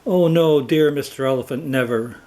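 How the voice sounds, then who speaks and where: Bam, a man doing a high whiny starving lion. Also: expressive, measured pace, darkish tone, poor audio. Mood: pleading. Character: starving proud male lion king, pleading.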